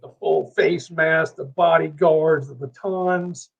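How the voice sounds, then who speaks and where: A middle-aged man from Savannah, Georgia, guests on a podcast, telling a long, heated story, swearing freely and rambling between asides in casual storytelling. His voice is a little high and slow, fairly even in intonation, with vocal fry and a slight roughness. The podcast audio is dull and lo-fi.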